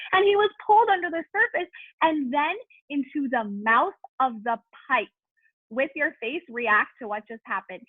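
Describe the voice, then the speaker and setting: A woman teacher reading a chapter aloud to a remote class, with warm, encouraging classroom prompts, over a video call. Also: on the high side, husky, no echo. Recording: tinny video-call audio.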